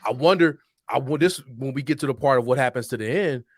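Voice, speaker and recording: A man's voice: mid-range voice, quick pace, dry recording. A man co-hosting a podcast, talking in a loose, slangy way and laughing often. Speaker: podcast co-host. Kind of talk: casual chat.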